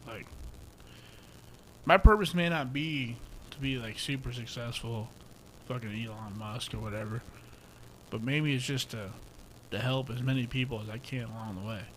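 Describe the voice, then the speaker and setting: A young man co-hosting a podcast in casual chat, swearing freely and acting out quotes from friends in a louder voice. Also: mid-range voice, slight background noise. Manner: profane, animated storytelling, acts out quotes loudly. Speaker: podcast co-host.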